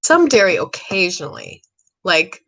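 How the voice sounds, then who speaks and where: A middle-aged woman hosting a live psychic reading stream, chatty and rambling, excitable, often clearing her throat. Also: lowish voice, measured pace, poor audio. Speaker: psychic medium host.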